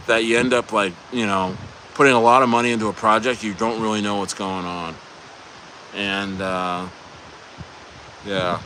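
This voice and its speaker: Young male streamer, loose rambling chat, mid pitch, outdoor take with heavy wind. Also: low-quality recording. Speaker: livestream host. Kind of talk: casual livestream chat. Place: outdoors at a beach. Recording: loud outdoor wind noise.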